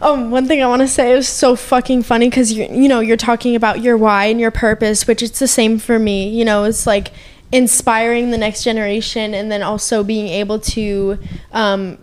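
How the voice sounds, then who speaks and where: A young adult woman from the United States co-hosting a podcast, chatting casually, animated and swearing freely. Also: a little high. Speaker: podcast co-host. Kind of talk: casual chat.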